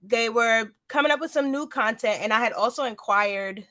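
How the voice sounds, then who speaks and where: A woman's voice: on the high side, moderate pace, pushed and bright, no echo, studio quality. A woman guest in a casual interview, telling her story in a chatty, rambling way with lots of filler words. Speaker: podcast host and sneaker content creator, guest.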